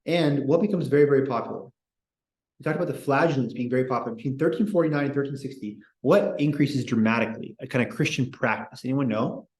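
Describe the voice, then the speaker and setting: A man's voice: mid-range voice, quick pace, darkish tone. A man hosting a casual history podcast, reading quotes aloud with opinionated, digressive asides. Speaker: podcast host. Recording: echoey room.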